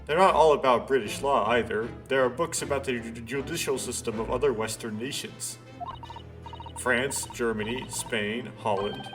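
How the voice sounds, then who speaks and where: Calm young assistant lady, read by a guy in his normal voice, matter-of-fact, music under it. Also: medium pitch, normal speed, natural voice. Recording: game music playing underneath.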